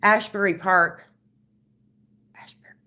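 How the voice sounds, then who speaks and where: A woman's voice: mid-range voice, steady tone, slow pace, bright, forceful tone. A woman chatting casually on a live stream, reading viewer comments off her phone, rambling and stammering through restarts.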